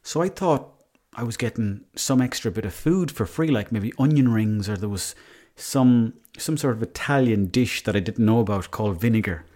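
A man's voice: fairly low pitch, normal speed, dark tone. A man with an Irish accent telling a rambling, self-mocking story, swearing casually as a podcast host.

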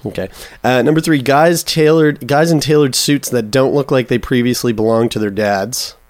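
A man's voice: medium pitch, normal speed, no echo. Male podcast co-host, loose and profane, dry close mic. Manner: profane, animated, joking. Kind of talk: casual podcast banter. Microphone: studio mic.

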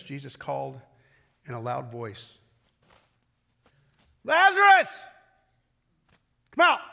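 A middle-aged man preaching a sermon as pastor, talking conversationally, shifting from loud calls to hushed reflection. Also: a little high.

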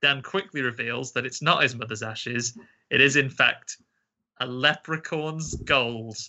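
A man's voice: medium pitch, unhurried, pushed and bright, highs cut off. A man co-hosting a casual chat, recapping a film plot with jokes and laughter. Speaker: podcast co-host.

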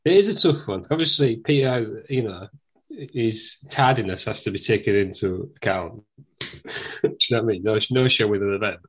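A man's voice: lowish voice, normal speed, husky, rough recording. A man hosting a casual podcast, judging the others in a teasing mock-stern way. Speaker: podcast host acting as judge.

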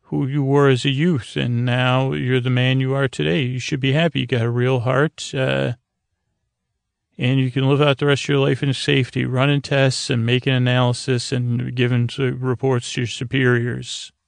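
A man voicing a smug, godlike male trickster in a slow, taunting drawl, as he retells a story. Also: medium pitch, flat delivery, creaky, dry recording, lightly acted. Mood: mocking.

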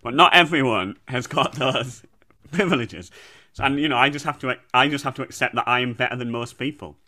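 A man's voice: medium pitch, brisk. A man co-hosting a comedy podcast, joking. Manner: playful, deadpan boasting. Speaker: podcast co-host. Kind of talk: casual comedic chat.

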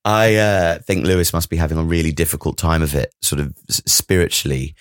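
Low-voiced man in casual banter. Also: brisk, smooth, no echo. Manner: animated, swears, jumps into high mock voices. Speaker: podcast co-host. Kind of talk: casual comedic chat.

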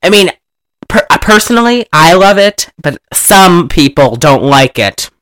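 A man retells an old movie with gleeful, profane energy, breaking into laughter and quick impressions of the characters. His voice swoops widely and has a bright, forceful edge. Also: high-pitched. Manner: animated, profane, laughs often, acts out lines. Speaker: movie recapper. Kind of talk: casual retelling of a film.

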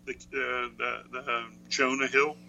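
Bright-toned male co-host with dry banter. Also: mid-range voice, level tone, measured pace, creaky, low-quality recording. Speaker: radio show co-host. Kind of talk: casual chat.

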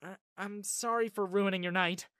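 A woman voicing a blunt, protective young woman with a sharp, scoffing way of talking. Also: medium pitch, fairly even intonation, moderate pace, dry recording, clean studio sound, pitched above the performer's own voice, lightly acted. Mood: apologetic.

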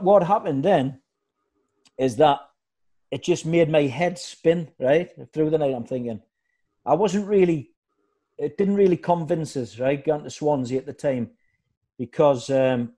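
In an unhurried, fairly high-pitched voice, this former footballer guest shares animated football anecdotes in casual conversation, acting out others' voices and their shouting.

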